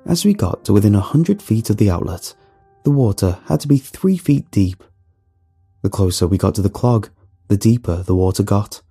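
Husky man narrating a horror story. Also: on the low side, mellow.

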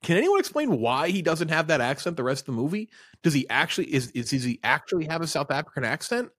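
Animated man ranting about a movie. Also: a little high, fast talker, dry recording, clean studio sound. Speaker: podcast co-host. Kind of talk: casual movie review chat.

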